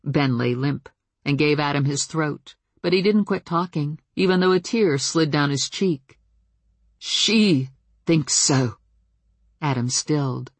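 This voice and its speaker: A woman narrating a novel in the first person, with even, measured delivery. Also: deep voice, dry recording. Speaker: audiobook narrator.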